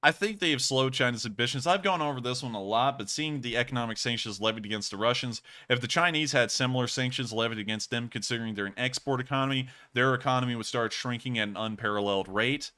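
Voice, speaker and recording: Bright-voiced rambling man. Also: mid-range voice. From United States. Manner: rambling, self-correcting, chatty. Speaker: host. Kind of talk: live stream chat answering.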